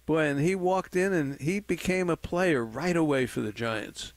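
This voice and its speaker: A man with a fairly high voice hosting a sports radio show. He talks eagerly and folksily about the game and steers the guest with leading questions. His voice sounds dry and close. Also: normal speed, no echo. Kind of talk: casual sports radio chat.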